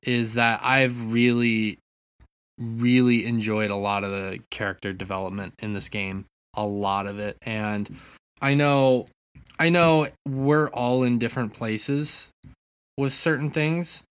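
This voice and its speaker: Animated man telling a gaming story. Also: medium pitch, takes it slowly, clean tone, no echo. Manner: animated storytelling, frequent swearing. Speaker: podcast co-host. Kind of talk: casual chat. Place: apartment.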